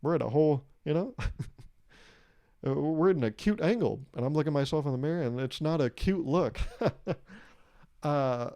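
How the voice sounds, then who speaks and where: Jokey young man with a mellow voice. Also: fairly high pitch, gravelly. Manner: jokey and self-mocking, laughs at his own jokes. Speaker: podcast host. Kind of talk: casual solo podcast monologue.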